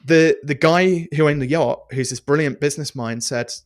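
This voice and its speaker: A man's voice: a little high, normal speed. Chatty man telling a story. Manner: animated, chatty storyteller with many restarts and fillers. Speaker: podcast guest. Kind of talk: casual storytelling interview.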